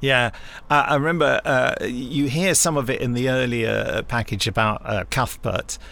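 A man hosting a podcast who recalls his work as a drama director in casual anecdotes. His voice has a gravelly, creaky edge at a middle pitch. He speaks hesitantly, with lots of fillers, and sounds amused. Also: normal speed, pushed and bright.

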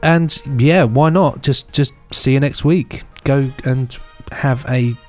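A man co-hosts a podcast, chatting casually in a jokey, rambling way and laughing often. His voice is medium in pitch, he speaks slowly, and faint music plays in the background.

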